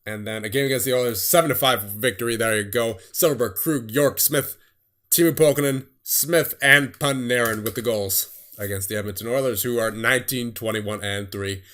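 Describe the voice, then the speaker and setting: A young man giving casual commentary on a sports management game, reading scores in quick bursts and laughing at himself. His voice is getting tired. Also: medium pitch, fairly bright tone. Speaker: gaming streamer.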